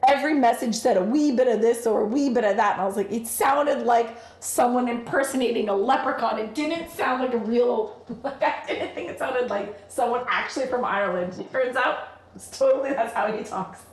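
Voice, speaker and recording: A woman's voice: a little high, a little fast. A woman hosting a casual livestream, chatting and laughing often while she bakes and reads out viewer comments. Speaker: livestream host. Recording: roomy echoey room.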